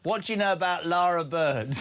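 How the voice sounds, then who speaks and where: A man hosting breakfast talk radio, excitable and chatty, tripping over his words. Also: on the high side, normal speed, noisy background. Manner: excitable, chatty, stumbling restarts. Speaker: radio host.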